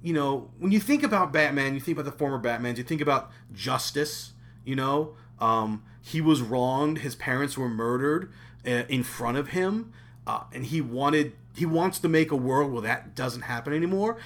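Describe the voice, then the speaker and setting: A man co-hosting a casual podcast about a film, talking with animated stops and restarts. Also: medium pitch, moderate pace. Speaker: podcast co-host.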